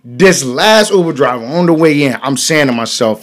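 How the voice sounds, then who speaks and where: A man hosting a podcast, telling a profane story in a casual, animated way, swinging from loud bursts to hushed asides. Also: mid-range voice, quick pace, hardly any pauses. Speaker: podcast host.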